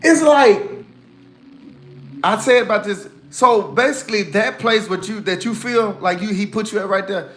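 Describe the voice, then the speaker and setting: A man's voice: high voice, normal speed, fairly bright tone, soft background music. A man giving casual, emphatic spiritual encouragement on a livestream, folksy and repeating himself for emphasis.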